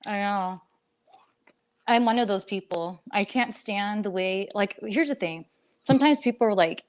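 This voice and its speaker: A woman's voice: mid-range voice, a little slow. A middle-aged woman co-hosting a casual chat show, talking in a rambling way and laughing often. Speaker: co-host.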